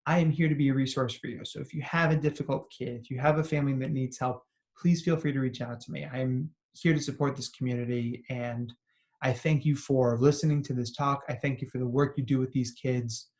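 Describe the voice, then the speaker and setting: A psychologist presenting a recorded talk to educators, telling stories in an earnest, conversational way and often adding "right?". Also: male voice, medium pitch, steady tone, fairly quick, a little mellow. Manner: earnest and encouraging. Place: remote talk, not in person.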